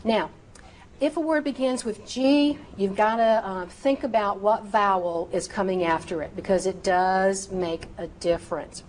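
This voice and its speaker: A woman teaching medical terminology in a recorded lecture, sounding out each term slowly and precisely. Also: medium pitch, darkish tone, slight background noise. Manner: slow, precise enunciation of terms.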